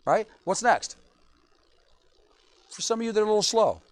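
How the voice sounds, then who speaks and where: A male pastor delivers an evening sermon in a high, very animated voice that leaps up and down. He acts out the lines of the people he quotes in short voices. The recording is close and dry. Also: moderate pace, no echo.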